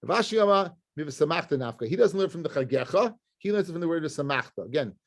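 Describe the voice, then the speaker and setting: A man's voice: a little high, animated, quick pace, creaky. A man, a rabbi, teaching a casual Talmud class to listeners in the room. He poses questions and answers them himself, and mixes Hebrew and Aramaic terms into his English. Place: study class with listeners present.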